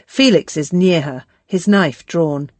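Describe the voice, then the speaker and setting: A woman reading an audiobook in a measured, steady scripted narration. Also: on the low side, dry recording.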